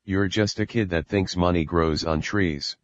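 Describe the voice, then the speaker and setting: A furious, short-tempered father barking insults at his child, read by a man in a very low voice. The sound is dry and a little muffled, like an audiobook on a lo-fi recording. He scolds and threatens in every line. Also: a little slow, no room sound. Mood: angry scolding. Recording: dull lo-fi recording.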